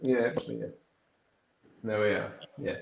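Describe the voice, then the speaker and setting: A man's voice: on the low side, steady tone, moderate pace, vocal fry. A man hosting a casual chat, talking in a chatty way, laughing often and using British slang. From Wales. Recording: roomy, dull, faint hiss.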